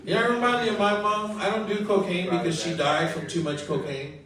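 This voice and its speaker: A middle-aged man from Colombia doing open mic stand-up and chatting with the crowd, with a halting, rambling delivery full of ums and little laughs. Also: high voice, little pitch movement. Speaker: stand-up comedian. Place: comedy club room. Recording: echoey room, mic far off.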